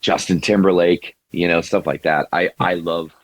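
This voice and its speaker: A man's voice: deep voice, fairly even intonation, moderate pace. A male singer-songwriter chatting as a guest, rambling with restarts and fillers. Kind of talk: casual interview conversation.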